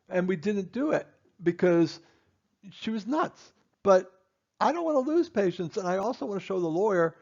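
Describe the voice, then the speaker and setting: A male dentist delivers a training lecture, hammering his points home through insistent repetition. His voice sits a little high and carries a gravelly edge. The recording sounds muffled and lo-fi. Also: darkish tone. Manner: emphatic, repetitive, stern. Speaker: dentist instructing assistants.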